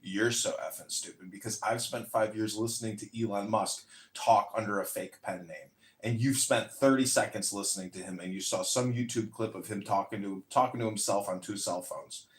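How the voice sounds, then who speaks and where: A man with a lowish voice rambles on in a boastful, meandering way. He is chatting in an online audio room. The sound is roomy, with a clear echo around him. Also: steady tone, normal speed, hardly any pauses. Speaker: audio chat room speaker. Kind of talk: casual chat.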